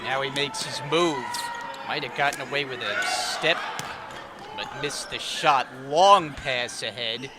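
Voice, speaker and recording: A man calling live college basketball play by play, with measured calls that rise into shouts on big plays. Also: medium pitch. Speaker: play-by-play announcer. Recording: loud crowd and arena noise. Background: loud crowd and bouncing ball.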